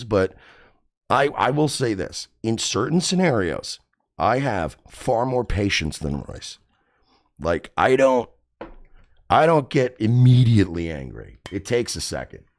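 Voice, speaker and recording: A man hosting a radio show, telling a story in a casual, profane, animated way. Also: mid-range voice, unhurried. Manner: profane, animated, acts out quotes.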